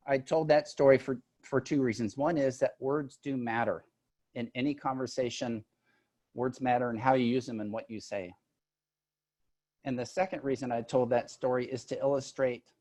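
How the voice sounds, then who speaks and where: A man who works as an agile and leadership coach presents a webinar conversationally, tossing in joking asides. His voice is medium in pitch with a darkish tone, picked up by a computer mic on a video call.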